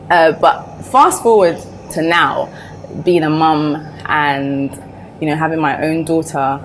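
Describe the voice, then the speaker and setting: A young woman talks to her camera in a loose, chatty way, full of fillers and restarts. Her voice sits a little low for a woman. She speaks openly and personally, with a faint hiss behind her. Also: a little fast, poor audio. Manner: open and personal. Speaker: vlogger. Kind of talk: casual chat to camera.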